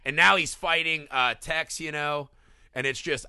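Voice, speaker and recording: A man co-hosting a casual podcast, reviewing a horror film with excited, profane enthusiasm and little acted-out bits. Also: a little high, clear, resonant tone, no echo, clean studio sound. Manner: excited, profane, acts out scenes in quick bursts. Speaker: podcast co-host.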